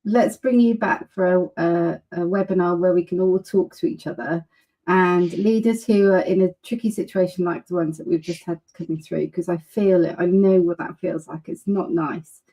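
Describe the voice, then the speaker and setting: A woman's voice: fairly low pitch, steady tone, moderate pace, mellow, low-quality recording. Gushing woman hosting a webinar. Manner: gushing, enthusiastic. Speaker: webinar host.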